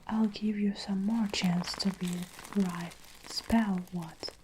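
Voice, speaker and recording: Woman whispering as a bullying headmistress, contemptuous, slow and mellow, whispered role-play storybook reading. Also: medium pitch, steady tone, slight background noise, close to an everyday voice, low-quality recording. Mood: scornful. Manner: barking, contemptuous insults. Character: bullying loud female headmistress, cruel and scornful.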